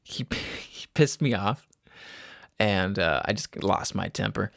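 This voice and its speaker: A man's voice: on the low side, animated, slow, gravelly, fairly bright tone, dry recording, clean studio sound. A young man hosting a casual solo podcast, rambling and swearing, laughing at himself. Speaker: podcast host. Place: a home room.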